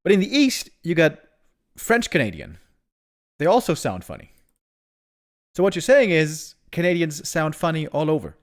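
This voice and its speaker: A man's voice: a little high, normal speed. A man from Germany casting a live strategy game stream, chatting with viewers in playful banter. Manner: playful, animated banter with sudden loud outbursts. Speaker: esports caster.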